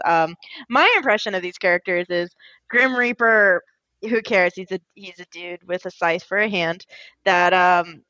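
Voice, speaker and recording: Female podcast co-host, bright expressive voice, slightly muffled dry recording. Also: medium pitch, dry recording. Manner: expressive, laughs often. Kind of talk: casual chat. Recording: slightly dull lo-fi sound.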